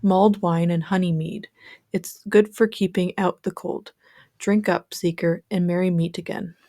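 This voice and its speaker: A woman voicing an ancient wise crone, a gruff yet grandmotherly old woman with a raspy, solemn way of speaking. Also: fairly low pitch, fairly even intonation, normal speed, mellow, no echo, studio quality. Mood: kindly. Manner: solemn, proclaiming.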